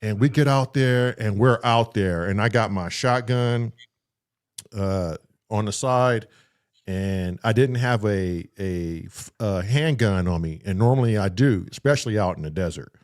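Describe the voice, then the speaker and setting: A man with a lowish voice speaks at a measured pace, co-hosting a podcast and spinning a long story in casual conversation. He swears freely and acts out his own reactions, making the telling profane and animated with performed quotes.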